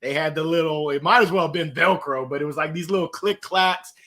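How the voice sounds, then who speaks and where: A man guest talking in an energetic, preachy, slangy storytelling way in an interview. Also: on the high side, brisk. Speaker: guest, author. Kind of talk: motivational interview talk.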